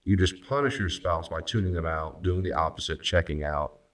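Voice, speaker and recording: A man, a pastor and counselor, teaching on marriage and acting out spouses' lines in quick voices. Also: low voice, fairly bright tone, far from the mic. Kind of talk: recorded teaching talk on marriage.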